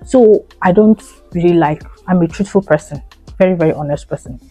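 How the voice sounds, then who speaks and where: A chatty woman talks straight to her viewers. Her voice is mellow and warm, and she leans hard on her points, repeating lines for emphasis. Soft music plays faintly behind her. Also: lowish voice, fairly quick. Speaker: vlogger. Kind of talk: casual talk to camera.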